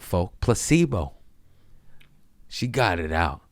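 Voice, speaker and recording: A man's voice: low-pitched, animated, slow, long pauses, dry recording, studio quality. A man hosting his own podcast, rambling crudely in a casual monologue and laughing at his own jokes. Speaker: podcast host.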